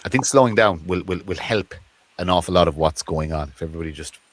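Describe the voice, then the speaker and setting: A man's voice: deep voice, fast, a little hiss or hum. A man with an Irish accent, a guest in a podcast interview, talking in a reflective way and repeating words as he thinks. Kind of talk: conversational interview.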